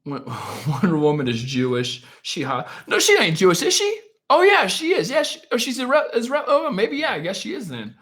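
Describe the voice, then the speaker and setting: A man's voice: sits high, wildly swooping pitch, moderate pace, hardly any pauses, fairly bright tone. A man hosting a live stream, chatting casually and answering viewer questions in a joking, self-mocking, rambling way, often laughing.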